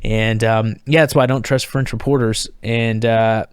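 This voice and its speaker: A man in his thirties, a podcast guest, telling a story in an animated way, laughing and acting out the dialogue. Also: fairly low pitch, moderate pace, clean tone, dry recording, clean studio sound. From United States. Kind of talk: storytelling in conversation.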